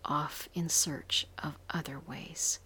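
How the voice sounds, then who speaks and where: A woman reading a story aloud in a soft, unvoiced whisper throughout. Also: sits low, fairly even intonation, slow pace.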